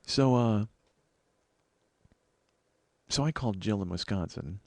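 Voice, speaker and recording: A man's voice: lowish voice, slow, darkish tone, no room sound. A man in his forties, hosting a podcast and telling a comic story with lots of stammering restarts and exasperation. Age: 40s. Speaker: podcast host.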